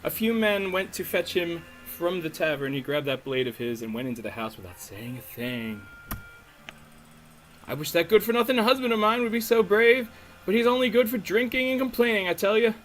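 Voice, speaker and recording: A man voicing a loud, gossipy middle-aged townswoman in a game, in a put-on accent that wavers between styles. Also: high-pitched, animated, a little hiss or hum, pitched above the performer's own voice. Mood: indignant gossip. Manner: unsure mixed accent, drawn-out. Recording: faint music underneath.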